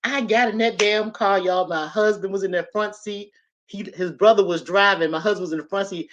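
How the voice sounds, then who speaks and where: A woman in her fifties recounts a personal story, chatty and animated, often turning to address her listeners. Her voice sits in a middle range for a woman. The audio is a bit dull and lo-fi. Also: mid-range voice, brisk, slight background noise. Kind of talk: casual personal storytelling to viewers.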